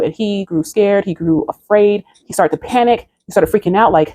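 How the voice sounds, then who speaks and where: A woman's voice: mid-range voice, moderate pace, dark tone, no room sound. A woman earnestly recounting a dream in a spiritual vlog and urging listeners toward faith. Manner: earnest, preachy exhortation. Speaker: video creator.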